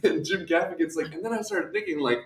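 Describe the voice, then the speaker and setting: A man in casual chat, telling a story in an animated way and mimicking other people's voices. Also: fairly high pitch, quick pace.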